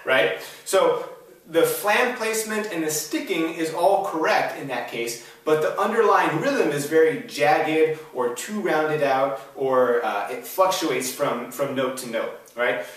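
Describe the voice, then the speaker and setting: A man's voice: on the high side, animated, unhurried, fairly bright tone. A man giving a drum lesson, upbeat and explaining step by step, with frequent "all right?" check-ins. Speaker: drum instructor. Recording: very echoey room, voice a bit far from the mic.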